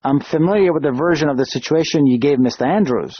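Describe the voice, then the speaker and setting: A man's voice: a little high, fast talker, husky, no room sound, dull audio. A man voicing a chubby, affable middle-aged lawyer who talks in a chatty, apologetic way.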